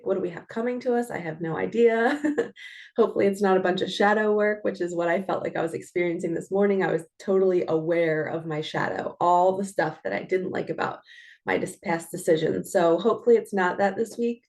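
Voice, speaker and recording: A woman's voice: medium pitch, steady tone, normal speed, darkish tone. A middle-aged woman, a spiritual coach, chatting casually and earnestly as she reads oracle cards, laughing now and then. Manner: chatty and earnest, laughs often, self-talk asides.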